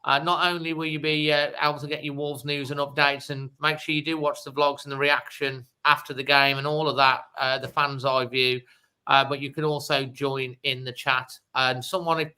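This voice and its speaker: A fairly high-pitched man hosts a fan phone-in with a bright, forceful tone. His voice is smooth and crisp. He talks in an upbeat, rambling way and strings his questions together loosely. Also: little pitch movement, moderate pace, rough recording. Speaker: host of a fan phone-in show. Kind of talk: casual podcast hosting.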